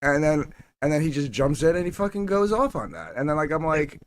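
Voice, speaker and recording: A man's voice: a little high, sing-song, a little fast. A man co-hosting a podcast, telling a story casually and quoting himself. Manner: storytelling, quotes himself, many fillers. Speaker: podcast co-host. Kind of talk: casual chat.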